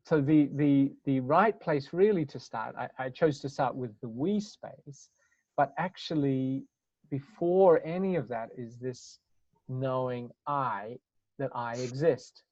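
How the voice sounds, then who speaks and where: A man talks through his ideas in a calm, considered way, pausing and restarting words as he thinks. His voice sits at a middle pitch. The sound is dry and a bit muffled, like audio from an online video call. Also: dry recording. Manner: thoughtful, searching phrasing with restarts. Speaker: webinar speaker on communication. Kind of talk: reflective webinar talk. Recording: dull lo-fi webinar audio.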